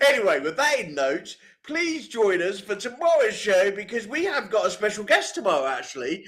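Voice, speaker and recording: A man's voice: sits high, big pitch swings, normal speed, a bit bright. A man co-hosting a live music show, chatting in a playful, teasing way. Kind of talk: casual live-stream chat.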